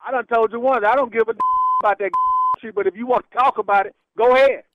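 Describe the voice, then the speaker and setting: A man's voice: very high voice, steady tone, fast, dry recording. Dismissive man on a muffled phone line. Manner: dismissive, laughing, swearing. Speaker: prank call target. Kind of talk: phone call argument.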